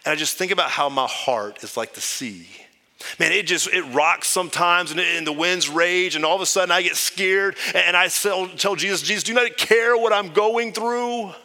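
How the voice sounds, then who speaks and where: A man preaching a sermon as pastor, conversational and earnest, shifting between loud emphasis and hushed, near-whispered lines. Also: on the high side, brisk, in a large hall. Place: church sanctuary.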